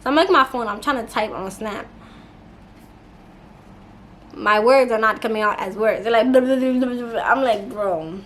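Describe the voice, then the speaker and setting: Young woman doing a storytime vlog, kinda high voice, lots of slang and cussing, super animated. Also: moderate pace, long pauses, a little hiss or hum. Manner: animated, laughing, slangy with frequent swearing. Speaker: YouTuber. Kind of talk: casual storytime.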